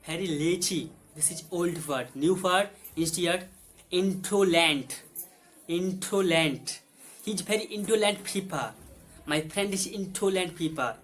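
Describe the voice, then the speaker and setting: A man's voice: high voice, measured pace, fairly bright tone, faint music behind. A man teaching English vocabulary, saying each word twice in simple, broken English. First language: Hindi. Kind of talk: vocabulary lesson with repeated words.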